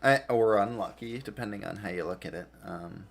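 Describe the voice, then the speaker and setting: Sleepy male streamer, low-ish voice, rambling self-deprecating chatter with frequent laughs. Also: a little fast, creaky. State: tired. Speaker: game streamer. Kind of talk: casual gaming stream chat.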